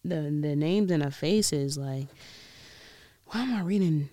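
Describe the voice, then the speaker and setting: A woman's voice: deep voice, takes it slowly, dark tone, no room sound. Chatty woman rambling, dry recording. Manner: chatty, rambling, laughs often; tries a weak British accent. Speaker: vlogger. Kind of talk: casual chat.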